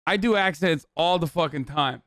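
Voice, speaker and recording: A man's voice: on the high side, moderate pace, fairly bright tone, no room sound, clean studio sound. A man hosting a livestream, giving loose, profane, chatty reaction commentary. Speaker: livestream host.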